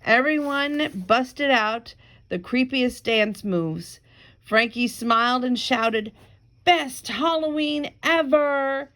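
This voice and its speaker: Slow, careful woman reading a storybook. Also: fairly high pitch. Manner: slow, careful, with chatty asides. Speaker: reader. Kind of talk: reading a picture book aloud.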